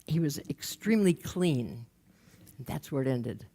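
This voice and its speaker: A woman from Los Angeles, a workshop leader, telling an anecdote from her groups in a lively way and mimicking the people she quotes. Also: low-pitched, unhurried. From Los Angeles, United States. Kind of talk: anecdotal storytelling talk.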